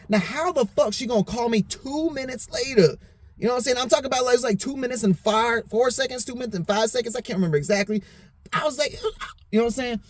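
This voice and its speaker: Here a tipsy podcast host rambles through a personal tale, full of swearing and endless "you know what I'm saying." His voice is high with a darkish tone, and the recording has no echo.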